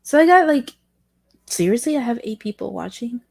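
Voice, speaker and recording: A woman's voice: fairly high pitch, expressive, normal speed, gravelly, a little mellow, dry recording. A woman whose first language is Spanish, chatting casually on a livestream in a rambling, curious and apologetic way.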